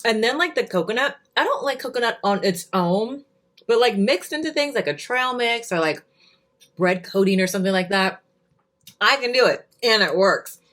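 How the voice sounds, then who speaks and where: A woman's voice: fairly high pitch, expressive, moderate pace, a bit bright. Chatty woman, casual home-kitchen food vlogger, loose and conversational. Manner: chatty, lots of "like" fillers. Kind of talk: casual cooking vlog.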